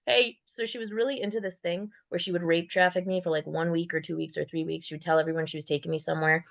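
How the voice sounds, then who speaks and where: Low gravelly woman, blunt and profane. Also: steady tone, fast talker, muffled recording. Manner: raw, blunt and profane, with bitter sarcasm. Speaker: guest sharing her survivor story. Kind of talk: candid personal testimony.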